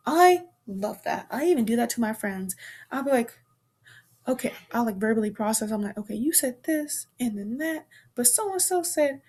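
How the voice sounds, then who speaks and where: Chatty young woman, slightly high voice. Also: warm tone. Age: 20s. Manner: chatty, heavy on fillers and restarts; frank and playful, mild swearing. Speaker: podcast host. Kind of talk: casual chat.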